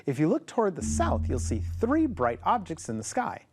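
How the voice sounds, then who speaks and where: A man's voice: a little high, huge pitch swings, normal speed, a little mellow, slightly rough, soft background music. A man co-hosting a scripted astronomy program as a planetarium director, with an upbeat presenter's reading.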